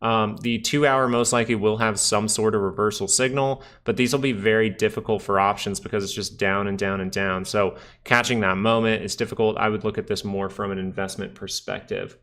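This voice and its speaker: A man's voice: on the low side, steady tone, brisk, few pauses, a bit bright. A young man hosting a live stock market stream, chatting casually with viewers while talking through charts. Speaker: stock market livestream host.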